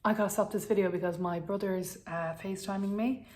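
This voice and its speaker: A woman's voice: mid-range voice, steady tone, fairly quick, a little mellow. Young Irish woman, casual chat vlogger, rambling and self-mocking. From Ireland.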